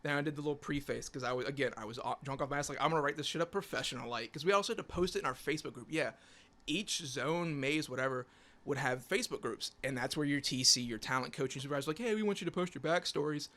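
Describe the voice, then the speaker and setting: Higher-voiced man reading his backstory. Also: fast, sharp tone. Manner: casual, swearing, reads steadily with small slips. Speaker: podcast guest, scare actor. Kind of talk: casual chat and reading a written backstory aloud.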